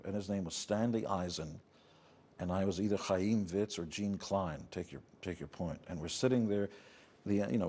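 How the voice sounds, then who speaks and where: A middle-aged man with a New York accent answers interview questions in a blunt, matter-of-fact, storytelling way. His voice sits fairly low and has a husky, slightly rough edge. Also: warm tone. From United States. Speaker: interview guest, rock musician. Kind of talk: candid conversational storytelling.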